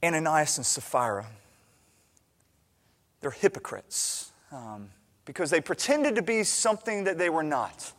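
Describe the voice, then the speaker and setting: A man preaching a sermon as pastor, swinging from hushed asides to loud, impassioned appeals. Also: fairly high pitch, expressive, a little slow, pauses often, in a large hall.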